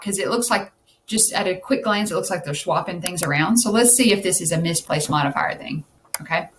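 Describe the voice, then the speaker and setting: A woman's voice: medium pitch, a little hiss or hum. A woman tutoring test prep, thinking aloud as she explains answers and checking in with "okay?".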